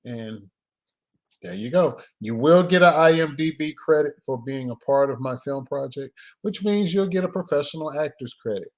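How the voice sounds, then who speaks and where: A man hosting a casual live stream as a filmmaker, talking in a loose, joking way with laughs and drawn-out pauses. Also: fairly high pitch, expressive.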